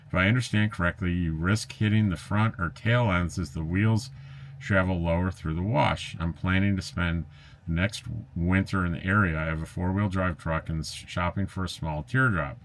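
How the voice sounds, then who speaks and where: A man, an RV travel vlogger, casually reads viewer comments aloud and answers them in a chatty, easygoing way. He uses lots of fillers, laughs lightly, and has a wry, slightly sarcastic edge. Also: low voice.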